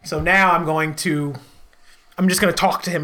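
A man playing a tabletop role-playing game, talking in an animated way and laughing often. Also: a little high, normal speed. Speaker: player. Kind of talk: tabletop role-play chat.

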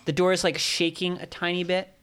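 A man narrating as game master of a tabletop game, describing scenes with loose, relaxed hesitations. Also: sits high, brisk, clean tone.

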